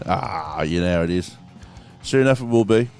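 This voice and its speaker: A man's voice: low-pitched, expressive, moderate pace, a little mellow, soft background music. An Australian man co-hosting a podcast in casual chat, laid-back, swearing freely and laughing often. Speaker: podcast co-host.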